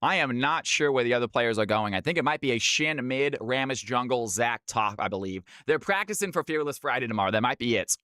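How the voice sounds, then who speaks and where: A man's voice: mid-range voice, lively intonation, fairly quick, few pauses, pushed and bright, smooth, dry recording, clean studio sound. A man from California casting a video game match live on stream. He keeps an upbeat, chatty play-by-play going and talks straight to his chat. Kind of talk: live esports play-by-play commentary.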